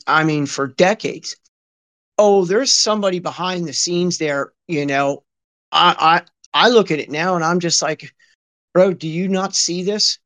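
A man's voice: fairly high pitch, fairly bright tone. A man chatting casually as a podcast co-host, telling stories in a rambling, slangy way full of filler words. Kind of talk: casual conversational chat.

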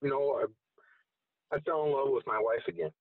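A man's voice: medium pitch, lively intonation, brisk, dry recording, far from the mic. A man telling a long personal story in a casual, rambling way with frequent swearing. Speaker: guest. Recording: tinny phone-like sound from off-mic.

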